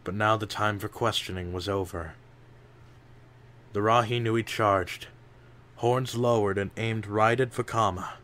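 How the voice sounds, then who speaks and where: A man reading an adventure audiobook aloud in slow, measured narration. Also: on the low side, steady tone, fairly bright tone.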